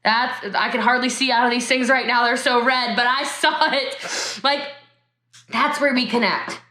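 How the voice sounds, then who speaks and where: A woman's voice: fairly high pitch, fairly even intonation, measured pace, bright, forceful tone, roomy sound. A woman giving a motivational talk on network marketing over a video call from her home, emotional and laughing as she speaks straight to her viewers.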